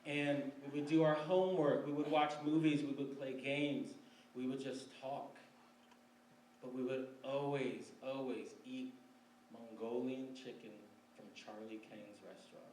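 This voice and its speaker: A man's voice: mid-range voice, steady tone, unhurried, a little mellow, slight background noise. A man in his forties from Michigan telling a wry personal story to a live audience, laughing between lines. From Michigan, USA. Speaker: storyteller on stage. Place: library event room before an audience. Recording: roomy live recording from a distance.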